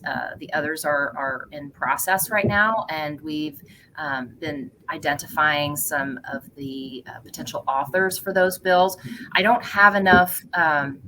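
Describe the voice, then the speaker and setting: Very low-voiced bright woman. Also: a little hiss or hum, rough recording. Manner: upbeat, folksy, hesitant with fillers. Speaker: policy staff member. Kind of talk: casual online update talk.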